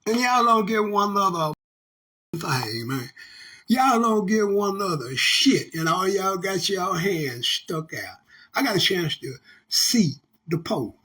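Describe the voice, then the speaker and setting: A man's voice: high-pitched, lively intonation, a little slow, pushed and bright, husky. An older man, ranting in a profane, preachy, scolding monologue. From Texas. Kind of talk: casual monologue rant.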